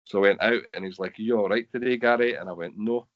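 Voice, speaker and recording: A man's voice: lowish voice, fast talker, lo-fi sound. A man with a Scottish accent, telling earnest personal stories with quoted dialogue in an online talk. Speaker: webinar speaker sharing lived experience. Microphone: video call.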